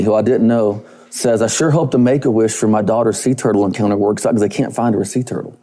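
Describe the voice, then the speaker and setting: A man telling a heartfelt story to a conference audience on stage, animated and quoting the people in it. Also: medium pitch. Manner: emotional, animated storytelling with quoted dialogue. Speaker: conference speaker.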